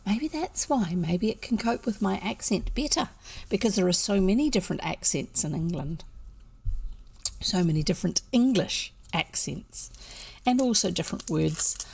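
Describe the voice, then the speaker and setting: A woman's voice: medium pitch, expressive, normal speed, vocal fry, darkish tone, husky. A woman with a New Zealand accent who reads storybooks aloud, chatting casually and at a rambling pace between chapters while she snacks. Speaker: storybook reader.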